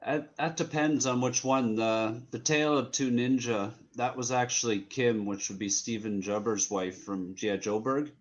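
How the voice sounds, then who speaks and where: A man's voice: mid-range voice, fairly even intonation, normal speed, hardly any pauses, muffled recording. A man talking as a guest on a livestream, friendly and explaining his process at length. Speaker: guest stop-motion creator. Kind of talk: casual livestream chat.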